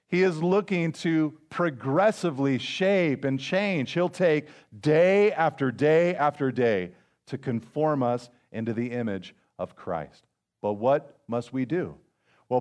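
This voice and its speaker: A man preaching a sermon as a pastor, in a conversational way, mixing family stories with scripture and slowing down to stress key phrases. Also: a little high, a little mellow.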